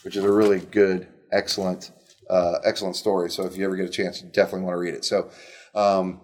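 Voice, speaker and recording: A middle-aged man retelling Bible stories in an animated, conversational way, with frequent restarts. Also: low voice, quick pace. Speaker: Bible teacher. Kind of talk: casual Bible storytelling.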